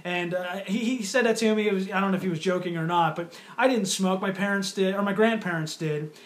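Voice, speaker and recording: A man's voice: high voice, brisk. A young man giving an earnest talk to youth as a ministry speaker, repeating his points and challenging listeners directly. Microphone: phone or webcam camera.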